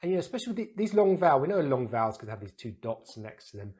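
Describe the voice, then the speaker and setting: British guy teaching pronunciation, drags out the vowels, patient and clear. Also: mid-range voice, big pitch swings, darkish tone. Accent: British English. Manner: patient, demonstrative, sounds out vowels slowly. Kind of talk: explaining pronunciation to camera.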